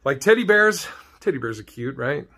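A man's voice: medium pitch, sing-song, normal speed, pushed and bright. Profane laughing man ranting. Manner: profane, laughs often, rambling. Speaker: vlogger. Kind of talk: comedic rant.

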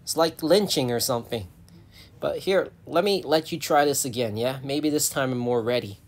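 A man's voice: medium pitch, moderate pace, natural voice. A man voicing a cheeky, whiny male hedgehog stuck in a water catchment, talking in slangy banter. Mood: pleading.

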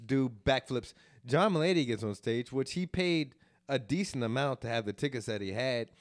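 A man's voice: mid-range voice, brisk. A man from Chicago with a mid-range voice hosts a casual comedy podcast. He rambles and swears freely, and his voice sounds dry and close with no room echo. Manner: rambling and profane, with lots of restarts.

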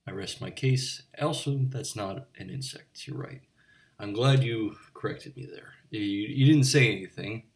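A man plays an eccentric bartender who rambles from one digression to the next, lecturing his customer with pedantic asides in a comic monologue. The voice sits low, and it sounds a little distant from the mic. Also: measured pace. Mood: rambling. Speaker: bartender character. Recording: voice a bit far from the mic.

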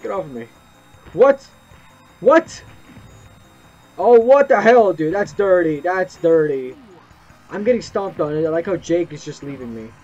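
Excitable young man yelling over gameplay. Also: sits high, measured pace, pauses often. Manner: excitable, yelps and swears at the game. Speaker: gameplay streamer. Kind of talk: gameplay commentary. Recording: muffled lo-fi mic with game music.

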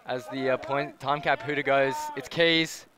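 A man's voice: mid-range voice, fairly even intonation, measured pace. A man calling live play-by-play at an outdoor game, rising sharply on big plays and joking between points. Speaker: sports commentator. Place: outdoor sports field sideline. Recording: crowd noise and outdoor ambience. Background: crowd and outdoor noise.

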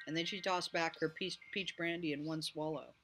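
Male audiobook reader, higher voice, bright and forceful, lively delivery. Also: moderate pace, slight background noise. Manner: lively, voices each character. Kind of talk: reading a novel aloud.

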